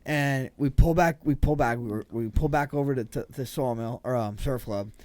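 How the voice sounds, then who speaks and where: A man from New Jersey, a former football player guesting on a podcast, telling stories in a swearing, animated, stumbling way. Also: mid-range voice, dry recording. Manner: profane, animated storyteller with quick restarts. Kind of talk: casual storytelling chat.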